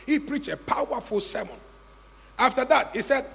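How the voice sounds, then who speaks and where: Dramatic preacher, high gravelly voice. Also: male voice, sing-song, fairly quick, in a large hall. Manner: dramatic storytelling, swinging from hushed to shouting. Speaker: pastor. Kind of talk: sermon.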